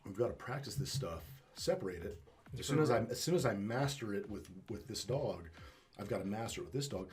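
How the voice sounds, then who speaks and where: Brief: low-pitched male dog trainer, animated and blunt, casual interview, faint background music. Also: a little fast. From Northwest Arkansas. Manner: animated storytelling, acts out dog and owner with swearing.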